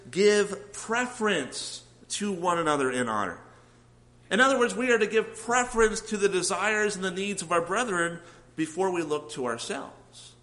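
Male preacher, earnest sermon delivery, somewhat high, expressive pitch. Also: low-quality recording. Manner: earnest, asks the congregation questions.

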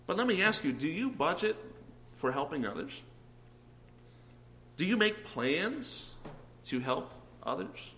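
Male preacher, earnest sermon delivery, somewhat high, expressive pitch. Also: a little slow, long pauses, slight background noise, poor audio. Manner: earnest, asks the congregation questions.

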